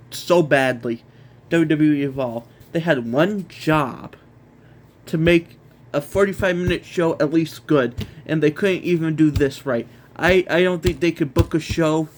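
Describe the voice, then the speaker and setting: A man's voice: a little high, a little hiss or hum. A man hosting a casual wrestling review, ranting in an exasperated way, repeating himself and stumbling over restarts.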